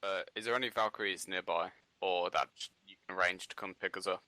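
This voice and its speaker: A man playing a tabletop game, speaking in a hesitant, halting way. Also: sits low, steady tone, sharp tone, dry recording, rough recording. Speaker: player. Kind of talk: casual tabletop game play.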